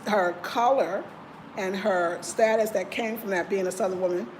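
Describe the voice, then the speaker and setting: American woman on a livestream, heartfelt, chatting with her viewers, mid-pitch voice. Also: normal speed, slight background noise, rough recording. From United States. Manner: earnest and heartfelt, addressing viewers directly. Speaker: livestream host. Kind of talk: casual livestream chat, reading viewer comments. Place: indoors in Ghana.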